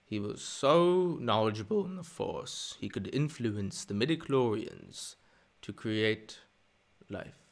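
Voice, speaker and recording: A sly old Sith lord murmurs a dark tale slowly, hushed and insinuating, as a man puts him on. His voice drops lower and softer than usual, each word drawn out. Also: animated, gravelly, heavily acted.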